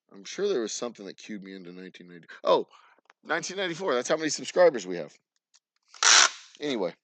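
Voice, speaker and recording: In a dry recording with background noise and clicks, a man in his forties swaps casual stories from his life, joking, swearing and wandering off track. He owns a distillery, hosts a channel, and has a mid-range voice.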